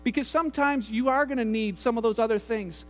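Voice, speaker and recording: A male pastor preaching a conversational sermon, slipping into quick acted-out voices for the people in his stories. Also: very high voice. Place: church sanctuary. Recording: roomy hall with mains hum.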